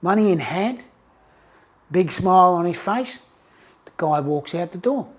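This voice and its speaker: A man, a success coach, telling a story in a casual, animated way with frequent restarts. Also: high-pitched, unhurried. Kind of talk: motivational storytelling.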